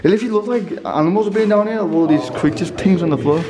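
A man's voice: high-pitched, fast, dark tone, slight background noise. A young man hosting an exploring vlog, joking playfully with mock-serious asides as he films in a bunker tunnel. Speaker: urban explorer host. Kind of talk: casual vlog chat. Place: underground wartime bunker tunnel. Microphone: camera held close. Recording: echoey tunnel with long reverb, faint music.

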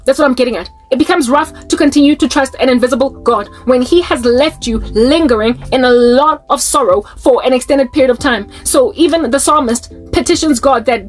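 South African woman, high voice, impassioned and pleading, faith monologue, faint music behind. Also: fast. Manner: impassioned, pleading, restarts mid-sentence. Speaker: Christian vlogger.

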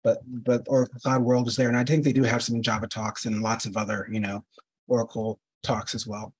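A man co-hosting a casual podcast chat, with a loose, halting delivery and repeated words. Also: mid-range voice, level tone, a little mellow, slightly rough. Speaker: podcast co-host.

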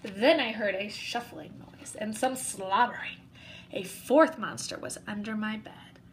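A woman reading a children's picture book aloud in an expressive way, narrating as a young boy. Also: medium pitch, measured pace, a little hiss or hum, low-quality recording. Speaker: storybook reader.

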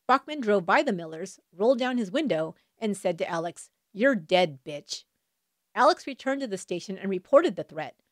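Lively woman telling a crime story. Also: medium pitch, no echo, clean studio sound. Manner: wry asides between dramatic retelling. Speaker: true crime podcast host. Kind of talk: scripted true crime narration.

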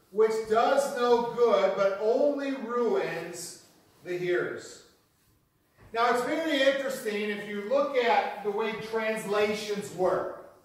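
A pastor preaching a sermon in an earnest teaching manner, repeating key phrases for emphasis. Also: male voice, high-pitched. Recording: very echoey hall, mic far off.

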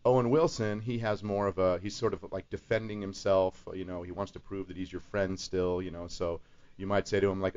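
A man's voice: deep voice, flat delivery, fairly quick, darkish tone. A man, a voice actor, chatting on a radio talk show and explaining how to build voice impressions. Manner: explains voice impressions, demonstrates them. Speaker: voice actor guest. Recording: dull lo-fi radio broadcast.

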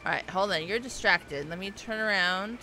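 A woman giving let's play gameplay commentary, slightly hoarse from losing her voice, reacting aloud and talking back to the game. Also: mid-range voice, moderate pace, pushed and bright, a little hiss or hum. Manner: reactive, exclaiming, talks to the game.

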